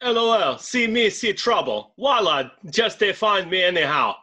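A man's voice: high-pitched, sing-song, normal speed, pushed and bright, pitched above the performer's own voice, heavily acted. A man putting on the voice of a brash male fighter, reading out taunting posts hesitantly. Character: brash male trash-talking fighter, mock accent.

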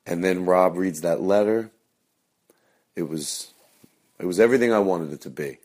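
Host, very low voice, casual and hushed delivery. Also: male voice, normal speed. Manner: hushed and soft at times. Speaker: podcast host. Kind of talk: casual chat recorded afterwards.

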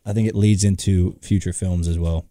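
A man's voice: low-pitched, steady tone, normal speed, warm tone, no echo, studio quality. A man co-hosting a podcast in casual chat, laid-back and hesitant with fillers. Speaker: podcast co-host.

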